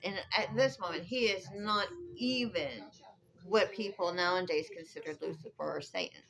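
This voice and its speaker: A woman's voice: lowish voice, normal speed, a crowd in the background, low-quality recording. A woman telling an old legend in a casual, rambling way, drifting off on tangents. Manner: rambling, conversational, drifts off track. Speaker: storyteller. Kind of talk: casual spoken storytelling.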